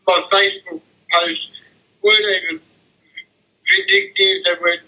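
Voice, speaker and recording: A man's voice: high-pitched, fairly even intonation, unhurried, muffled recording. An older man, shaken and tearful, describing what happened to him in a distressed, sweary, repetitive way over the phone. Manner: distressed, swearing, repeating himself. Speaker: interviewee. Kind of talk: emotional phone interview.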